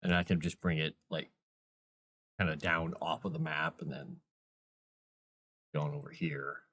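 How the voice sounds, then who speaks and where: A man's voice: very deep voice, little pitch movement, a little slow, fairly bright tone. A man hosting a casual live stream, thinking aloud as he works and chatting to viewers and his cat. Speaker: author and live-stream host.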